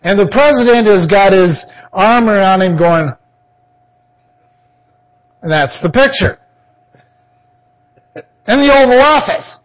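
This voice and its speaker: A man's voice: sits high, takes it slowly, long pauses, highs cut off. A man preaching on a podcast, telling a personal testimony and acting out the voices of the people in it. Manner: animated, acts out quoted voices. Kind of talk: storytelling testimony.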